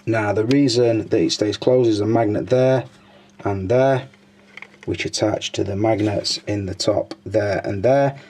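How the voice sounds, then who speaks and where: A man's voice: on the low side, a little slow, a little mellow, a little hiss or hum. A man giving a casual, chatty walkthrough of a collectible figure, with frequent "uh" fillers. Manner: chatty, informal, hesitant with fillers. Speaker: toy reviewer.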